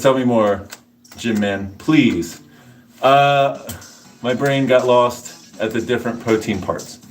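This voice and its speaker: Man, casual workout livestream, rambling, jokey, average pitch, faint music behind. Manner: rambling, answers chat, jokey asides. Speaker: fitness streamer. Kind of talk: casual livestream chat between sets.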